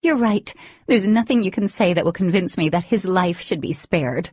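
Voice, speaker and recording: Brief: woman doing an enraged teen girl, shrill and shouting, husky edge, dull lo-fi sound. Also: very animated, moderate pace, dry recording. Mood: furious. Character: furious teenage girl, fierce and vengeful. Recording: dull lo-fi recording.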